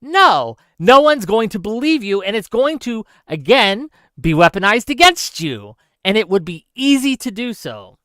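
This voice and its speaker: A man hosting a livestream, ranting sarcastically while reading chat messages. His voice is bright and crisp and rises and falls a lot. He sounds exasperated, and the close mic is dry. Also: high voice, very animated, a little slow, hardly any pauses, no echo. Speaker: streamer host.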